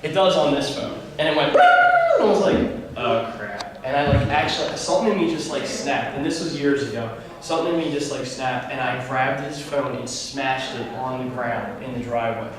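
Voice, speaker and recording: Speaking a little fast and barely pausing, this young man's mid-range voice carries over a background crowd as he casually rambles through a story for teenagers. He acts out each line of dialogue with animation, heard from far off in a very echoey large room.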